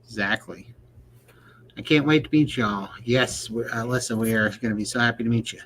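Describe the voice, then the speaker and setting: A man's voice: mid-range voice, fairly quick, fairly bright tone, rough recording. A man co-hosting a casual livestream chat, joking in a folksy way and reading viewer questions aloud. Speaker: podcast co-host.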